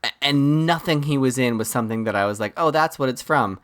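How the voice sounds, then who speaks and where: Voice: medium pitch, fairly quick, a bit bright. A podcast co-host in a casual film chat, talking in long emphatic runs with acted-out asides.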